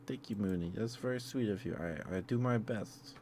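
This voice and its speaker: A man's voice: on the low side, normal speed, a little mellow, slight background noise. A young man chatting as an ASMR streamer, rambling with frequent laughs and restarts. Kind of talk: soft-spoken ASMR live stream chat.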